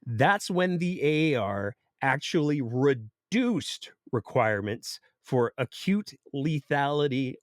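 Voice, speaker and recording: A male podcast host delivering political commentary with a sarcastic edge. His pitch swings widely as he reads news passages and then mocks them. The sound is dry and close, with no room around it. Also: no echo.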